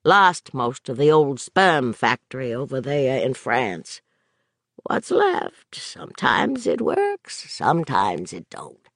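A man's voice: medium pitch, vocal fry, a bit bright, dry recording, studio quality, pitched below the performer's own voice, exaggerated voice. Man doing a crude, drawling drunk old veteran.

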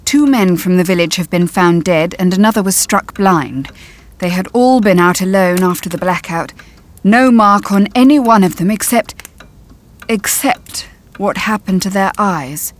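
A woman's voice: mid-range voice, expressive, unhurried, natural voice. A woman doing a curt, wary German father. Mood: grave. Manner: curt, muttering.

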